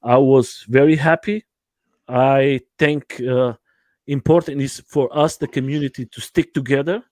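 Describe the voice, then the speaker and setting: A man hosting a casual livestream interview from home, his English halting and non-native, full of fillers and restarts. His voice sits at an ordinary mid pitch and sounds dry and close, with no room echo. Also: steady tone, a little mellow. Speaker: livestream host.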